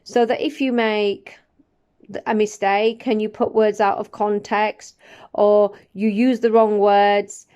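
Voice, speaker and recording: A woman in her forties talking casually and reflectively to camera, often pausing and restarting her sentences. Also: medium pitch, little pitch movement, darkish tone, clear, resonant tone. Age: 40s. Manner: reflective, with frequent restarts and hesitations. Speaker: vlogger. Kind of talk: casual personal vlog.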